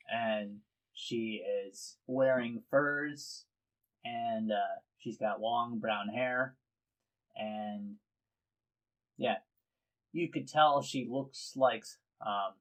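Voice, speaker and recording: A man's voice: medium pitch, fairly bright tone, poor audio. A man acting as dungeon master, describing scenes unhurriedly and hesitating when improvising. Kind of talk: narrating a tabletop game.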